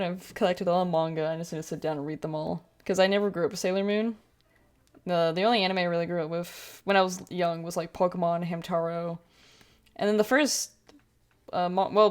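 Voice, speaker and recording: A young woman with a fairly low-pitched voice talks casually as she draws on a livestream. She rambles from one thought to the next, trailing off, restarting, and filling gaps with "like" and "um". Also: a little mellow. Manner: rambling and chatty, with many fillers and self-corrections. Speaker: streamer. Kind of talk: casual chat while drawing on a livestream.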